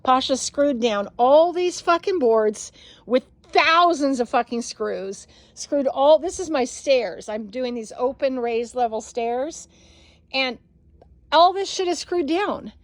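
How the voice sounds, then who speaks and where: Woman vlogger, dog breeder, fed-up and foul-mouthed, pitched a bit high, phone mic outdoors. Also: animated, slow. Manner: frustrated, swears constantly, ranting. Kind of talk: casual vlog walkthrough. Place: outdoors on a home deck.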